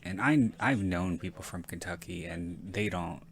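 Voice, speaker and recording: A man's voice: sits low, measured pace, vocal fry, a bit bright. A man hosting a podcast, giving casual, rambling movie commentary, frank and prone to self-correction and casual swearing. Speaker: podcast host.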